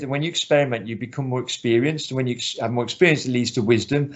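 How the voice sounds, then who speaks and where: A martial arts coach speaks earnestly in a relaxed interview, his medium-pitched voice moving at a quick pace as he keeps restarting his sentences. The recording is lo-fi and slightly muffled.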